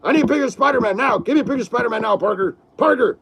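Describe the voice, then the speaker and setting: A man doing an impression of a gruff newspaper editor who barks rapid, demanding shouts. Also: very high-pitched, animated, pitched above the performer's own voice, full character voice, low-quality recording. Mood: barking orders.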